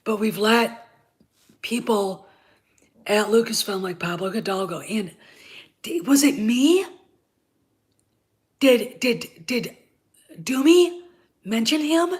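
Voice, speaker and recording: A woman's voice: fairly high pitch, animated, takes it slowly, long pauses. A woman hosting her own channel, giving blunt, profane, heated opinion commentary with a congested voice while getting over covid. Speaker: channel host.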